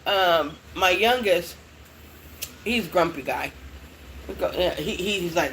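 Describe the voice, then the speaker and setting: A woman's voice: fairly low pitch, animated, takes it slowly, long pauses, fairly bright tone, a little hiss or hum, low-quality recording. A middle-aged mother chatting casually to her viewers, rambling and swearing often. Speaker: vlogger. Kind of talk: casual chat.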